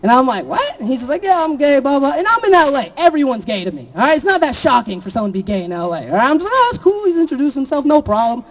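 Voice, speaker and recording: Giggly stand-up comic, lively pitch. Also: male voice, rapid-fire, few pauses, dull audio. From Florida. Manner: laughs at his own jokes, chatty asides to the crowd. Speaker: stand-up comedian. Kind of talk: stand-up comedy set.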